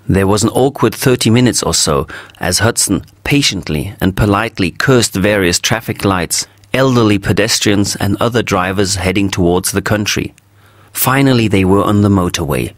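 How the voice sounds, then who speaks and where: Male narrator for a graded story reading, low voice, dry close sound. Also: no room sound. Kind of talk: story reading for English learners.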